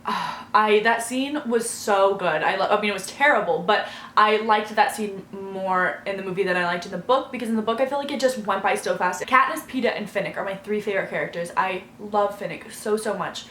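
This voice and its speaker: A woman's voice: medium pitch, a little fast, fairly bright tone, roomy sound, a little hiss or hum. A woman vlogger giving a casual, effusive review, gushing and filling her talk with fillers.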